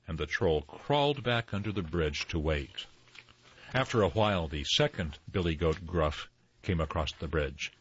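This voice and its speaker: An older man reading children's stories aloud in a slow, expressive storytelling manner. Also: low-pitched, husky. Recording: slightly dull dry recording.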